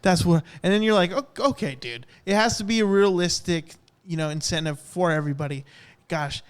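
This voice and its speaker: A young man co-hosting a podcast, telling rambling, animated stories in casual chat. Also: sits high, fairly quick, smooth. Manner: rambling, animated storytelling with acted-out quotes. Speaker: podcast co-host.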